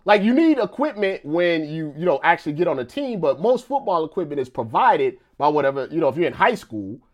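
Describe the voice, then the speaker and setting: A man hosting a casual live stream, talking loosely with frequent restarts, filler asides and laughs between points. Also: fairly high pitch.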